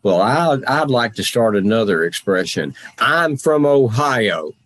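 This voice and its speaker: A man portraying an aging Civil War general and president in first person, speaking with slow, deliberate, formal phrasing. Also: lowish voice, lively intonation, dry recording. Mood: earnest. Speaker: historical reenactor in character.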